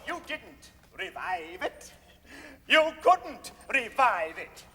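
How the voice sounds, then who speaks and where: A man playing a pompous, outraged grand duke in a comic opera, scolding in rapid patter song and stage dialogue. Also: very high voice, big pitch swings, over a noisy crowd, very noisy, exaggerated voice. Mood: indignant. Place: live theatre stage. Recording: reverberant live stage recording.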